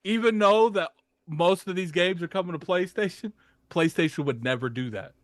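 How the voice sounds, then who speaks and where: A man co-hosting a gaming podcast in casual chat, teasing and pressing with quick questions. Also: high-pitched, dry recording, studio quality. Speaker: podcast co-host.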